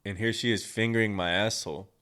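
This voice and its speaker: A man's voice: fairly low pitch, fairly even intonation, quick pace, pushed and bright. A young man hosting his own podcast, telling a personal story in a blunt, crude, rambling way with plenty of swearing. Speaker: podcast host.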